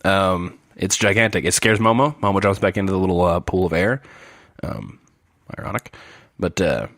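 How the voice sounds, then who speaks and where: A man's voice: low-pitched, moderate pace, a bit bright, no room sound. A young man co-hosting a podcast, recapping episodes in casual chat with wry, joking asides. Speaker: podcast co-host.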